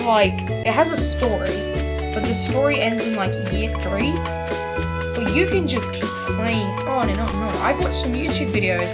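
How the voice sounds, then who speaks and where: A woman giving rambling, chatty commentary while playing a farming video game, full of likes and restarts, with loud game music behind her. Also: mid-range voice, rough recording. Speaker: gaming video creator. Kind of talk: let's play commentary.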